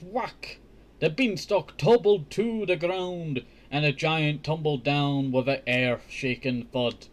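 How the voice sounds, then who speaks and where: A man reads a children's storybook aloud in a relaxed, unhurried way, his voice sitting a little high. He keeps stopping for chatty, joking asides. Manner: chatty, joking asides, says "I tell you" often. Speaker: host reading a children's book. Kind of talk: casual storybook reading with commentary.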